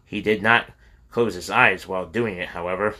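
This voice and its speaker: A man narrating an audiobook in a steady storytelling reading. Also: deep voice, moderate pace. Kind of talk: scripted narration.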